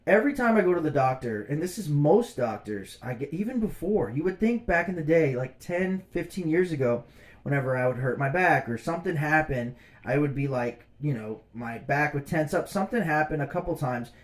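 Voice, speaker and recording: A man in his thirties rants through a personal story in loose, slangy talk. His fairly high voice swings up and down with lively, exasperated energy. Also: fairly quick. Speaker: vlogger. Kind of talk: casual storytelling rant.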